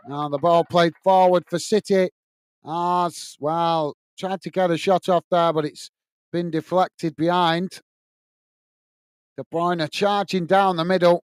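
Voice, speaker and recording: A man's voice: sits high, fairly even intonation, measured pace, clear, resonant tone, dry recording, clean studio sound. A middle-aged man hosting a live football watch-along, calling the play and chatting with viewers as he reads their comments. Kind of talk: live match commentary and chat reading.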